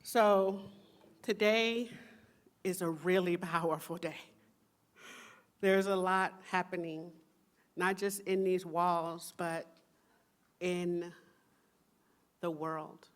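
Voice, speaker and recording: A woman minister preaching to her congregation in a church sanctuary. Her voice sits on the low side, and she speaks slowly and softly in a meditative way. She lightens things with playful asides. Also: steady tone. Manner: slow, soft, meditative delivery with playful asides. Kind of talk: sermon.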